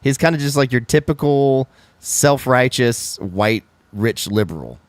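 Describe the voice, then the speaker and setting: A man's voice: medium pitch, expressive, unhurried, no echo. A man co-hosting a casual band podcast from Georgia, rambling and cursing freely, laughing often. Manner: rambling, profane, laughing, slips into mimicked voices. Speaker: band member and podcast co-host. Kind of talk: casual banter.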